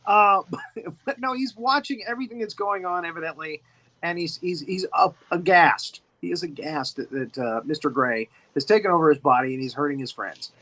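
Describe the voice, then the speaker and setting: A man's voice: a little high, fairly quick, bright, forceful tone, rough recording. A man hosting a casual movie discussion who rambles, repeats words and laughs often. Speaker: host.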